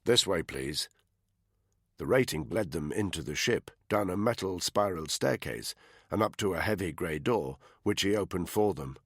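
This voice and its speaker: In this audiobook reading of a thriller, the narrator's voice is very deep and gravelly with a husky texture and an animated pitch. He paces it in a measured, expressive way. The audio is close and dry, without echo.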